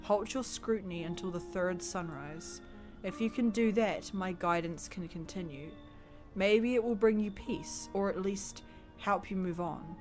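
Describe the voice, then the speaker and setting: A riddling, ominous stranger in a game, put on by a woman. The voice sits at a middling pitch and speaks slowly and solemnly, like a prophet handing down doom. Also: soft background music, natural voice. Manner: slow, solemn, riddling speech.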